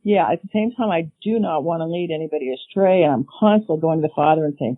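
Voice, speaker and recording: A woman's voice: fairly low pitch, lively intonation, brisk, few pauses, dry recording. A middle-aged woman talking as a podcast guest, chatty and enthusiastic, laughing often. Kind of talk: casual chat. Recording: phone-like dry line.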